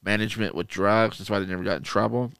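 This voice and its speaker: A male podcast co-host spins animated, profane stories in casual chat. His voice is gravelly yet smooth, with a mid-range pitch. The sound is dry and close. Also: fast talker, no echo.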